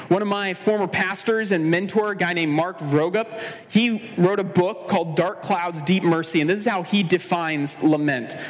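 Pastor, male, high voice, earnest measured sermon delivery; reverberant hall sound. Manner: earnest, measured preaching with slowed emphatic phrases.

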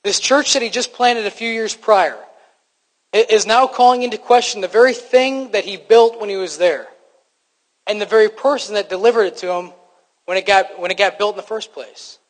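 A man's voice: sits high, moderate pace, in a large hall, low-quality recording. A man preaching a sermon to his congregation in a conversational, self-deprecating way, often restarting his sentences. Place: church hall.

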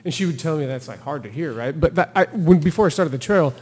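A man's voice: on the high side, quick pace, husky, long reverb tail. A man, a thru-hiker guest on a podcast, telling his story in casual talk and acting out the quotes with laughter. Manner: animated storyteller who acts out quotes and laughs.

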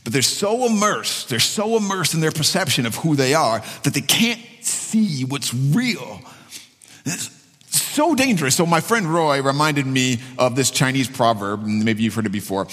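Husky-voiced preacher with lively pitch. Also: male voice, moderate pace. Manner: earnest, repeats key phrases for emphasis. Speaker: pastor. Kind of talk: sermon. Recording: long hall reverb.

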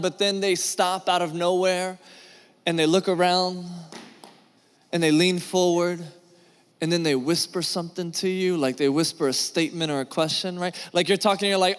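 A man preaching a sermon as pastor, animated and conversational. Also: sits high, normal speed, smooth, in a large hall. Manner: animated, conversational, acts out whispered asides.

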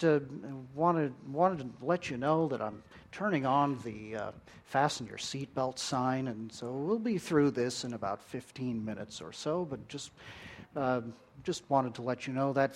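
A man voicing a calm male airline captain who speaks in a soft, unhurried Southern American drawl. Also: mid-range voice, pitched below the performer's own voice.

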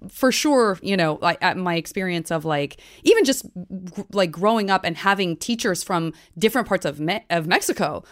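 Woman from Tucson, podcast host, chatty, playful, smooth clear voice. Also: lowish voice, lively intonation, moderate pace, hardly any pauses. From Tucson, USA. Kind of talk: casual conversation.

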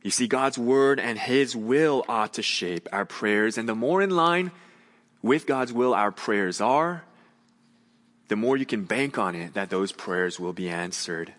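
A man preaching a sermon as a pastor, earnest, moving between raised emphasis and hushed, gentle appeals. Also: fairly low pitch, a little slow, long reverb tail.

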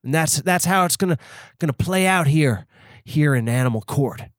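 A man doing a drawling cowboy, raised pitch. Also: lively intonation, no echo, studio quality, natural voice. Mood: folksy. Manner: slow western drawl, folksy. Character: blustering male cowboy defendant on trial. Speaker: podcast co-host.

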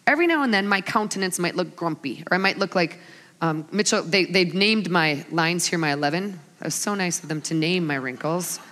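A woman in her forties preaching a sermon to a live gathering, an animated storyteller who acts out her family's lines. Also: on the low side, fairly quick. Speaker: women's ministry speaker. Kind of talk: sermon with humorous stories. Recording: long hall reverb.

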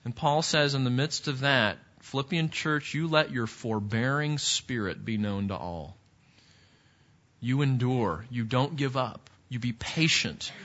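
A pastor preaches a sermon in an earnest, conversational way, often restarting his sentences. His voice is a little high and bright, with a forceful tone, on lo-fi sound.

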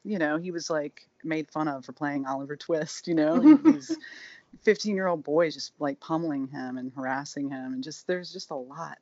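A woman's voice: low-pitched, moderate pace, few pauses, darkish tone, dry recording. A woman from Florida hosting a podcast, chatting effusively and casually with lots of "like" and "you know," heard over a remote call. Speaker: podcast host. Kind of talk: casual chat. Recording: dull, dry lo-fi sound.

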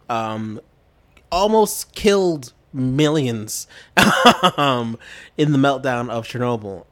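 Male co-host, casual and rambling, keen, average pitch. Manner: rambling, heavy on fillers, enthusiastic. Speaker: podcast co-host. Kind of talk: casual chat.

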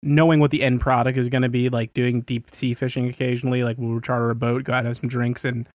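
A man's voice: medium pitch, flat delivery, fast, darkish tone, dry recording, clean studio sound. A man co-hosting a podcast in easygoing, rambling, profane casual chat. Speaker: podcast co-host.

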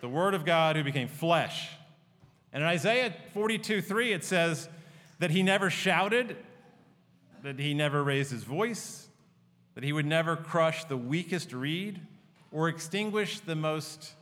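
A man preaching a sermon as a pastor, earnest and often dropping to a hushed, tender tone. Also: on the high side, lively intonation, measured pace. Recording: long reverb of a large hall.

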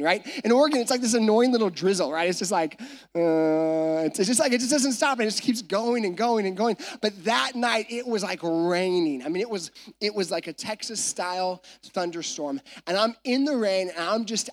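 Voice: mid-range voice, fairly quick, few pauses. Pastor preaching on stage into a mic, chatty story style, keeps asking the crowd right?. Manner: conversational storytelling with frequent asides to the audience. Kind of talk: sermon. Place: church stage.

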